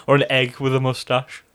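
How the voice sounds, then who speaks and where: Sweary, laughing bloke. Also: male voice, mid-range voice, a bit bright, a little hiss or hum. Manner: sweary, laughing, rambling banter. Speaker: podcast co-host. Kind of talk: casual chat.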